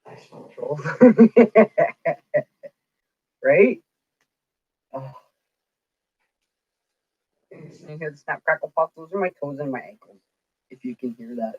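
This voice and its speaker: A woman's voice: deep voice, very animated, takes it slowly, pauses often, breathy edge, no echo. Blunt, foul-mouthed woman in her forties. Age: 40s. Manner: blunt, profane storytelling. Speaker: livestream host. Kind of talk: casual livestream chat. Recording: dull lo-fi dry sound.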